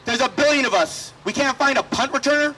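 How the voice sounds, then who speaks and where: A man's voice: very high voice, a little fast, bright, forceful tone, a little hiss or hum, poor audio. A man doing a brash, profane stand-up set at an outdoor festival stage, slipping into voices for the people in his stories. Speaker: stand-up comedian.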